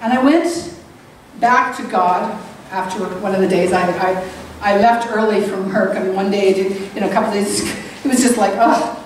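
A woman preaching a sermon in earnest. She speaks reflectively and rises high when she stresses a point. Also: moderate pace. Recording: roomy echo, distant mic, faint hiss.

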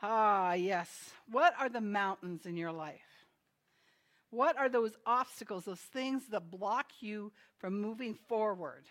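A woman's voice: mid-range voice, takes it slowly. A woman preaching a sermon in a chatty manner, laughing between her remarks. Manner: chatty, laughs often, tells jokes. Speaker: pastor.

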